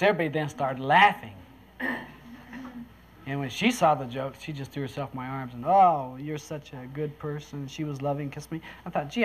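A storyteller talks in a folksy, easygoing way, often chuckling and acting out the voices of the people in the tale. The voice sits at an ordinary middle pitch. A faint hiss of room ambience runs underneath. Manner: folksy, chuckles between lines, acts out quoted voices. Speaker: speaker telling a story to listeners. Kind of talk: casual storytelling talk.

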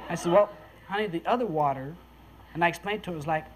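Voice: mid-range voice, huge pitch swings, unhurried, pauses often, bright, forceful tone, slightly rough. Folksy chuckling storyteller. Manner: folksy, chuckles between lines, acts out quoted voices. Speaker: speaker telling a story to listeners. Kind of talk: casual storytelling talk.

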